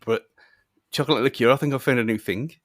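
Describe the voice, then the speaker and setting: A man's voice: medium pitch, quick pace, dry recording, studio quality. An English man chatting casually, hesitant and searching for his words. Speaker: podcast co-host. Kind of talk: casual chat.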